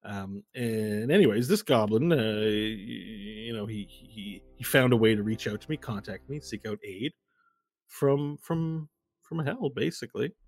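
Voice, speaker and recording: A smooth, oily male crime boss from hell , voiced by a man, all false apology and veiled threat. He talks in halting, restarting phrases with a husky edge, in a tabletop role-playing game. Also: on the low side.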